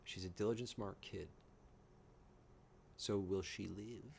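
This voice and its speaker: A man hosting a casual reaction video, giddy, excitable and jokey as he comments on a TV episode. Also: lowish voice, slow pace, vocal fry, a little hiss or hum.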